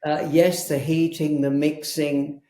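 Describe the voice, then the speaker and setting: Slow-spoken hesitant man, interview guest, echoey room sound. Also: on the high side, level tone, mellow. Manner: hesitant, frequent ums and restarts. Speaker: herbalist guest. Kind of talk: conversational interview. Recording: roomy echo.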